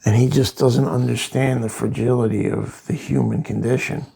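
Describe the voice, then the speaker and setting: A man casually reviewing a comic book, rambling through the plot with asides, in a gravelly voice. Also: mid-range voice, steady tone, moderate pace, warm tone.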